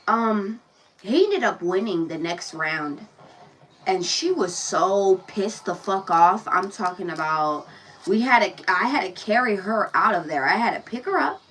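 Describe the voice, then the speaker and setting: A woman's voice: mid-range voice, fairly bright tone, recorded from a distance, poor audio. A woman giving a casual tarot reading, telling a personal story and talking bluntly and profanely straight to the viewer. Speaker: tarot reader.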